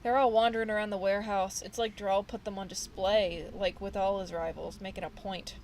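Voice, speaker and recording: A woman's voice: medium pitch, flat delivery, a little fast, darkish tone, slight background noise, close to an everyday voice, poor audio. A woman reading the lines of a frightened young male ex-gang member who rambles nervously in street slang, in her own everyday voice. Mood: scared. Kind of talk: reading game dialogue aloud.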